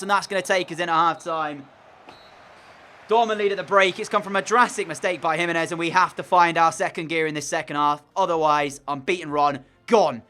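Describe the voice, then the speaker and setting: A man's voice: fairly high pitch, bright, forceful tone, slight background noise. A man giving casual commentary over his own football video game, frustrated and groaning at mistakes. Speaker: gaming commentator.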